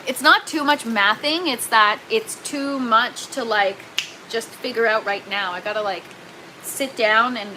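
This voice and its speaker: A woman's voice: mid-range voice, noisy background. A woman hosting a casual livestream, chatting and reading viewer comments aloud, laughing often. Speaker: livestream host. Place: indoor grow tent.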